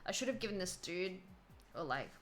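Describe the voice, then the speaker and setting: A woman's voice: on the low side, big pitch swings, fairly quick, soft background music. An Australian woman streaming a game, reading its lines aloud and giggling at herself. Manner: giggly, self-mocking. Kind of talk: playful game commentary, reading dialogue aloud.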